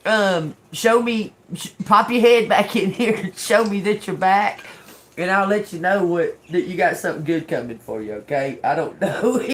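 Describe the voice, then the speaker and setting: A woman's voice: fairly low pitch, slight background noise. An older woman, hosting a casual tarot livestream, giggling and laughing through her words, with plenty of swearing. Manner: giggly, laughing through speech, profane, slow drawl. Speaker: tarot reader livestream host.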